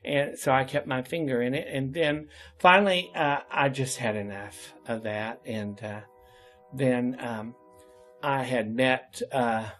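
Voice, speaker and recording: A man in a relaxed interview, chatting through long anecdotes and often breaking into laughter. His voice sits at an ordinary middle pitch, and his delivery is easy and conversational. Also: a little slow, faint music behind. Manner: chatty, laughs often while telling stories. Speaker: interview guest. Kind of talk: casual storytelling interview.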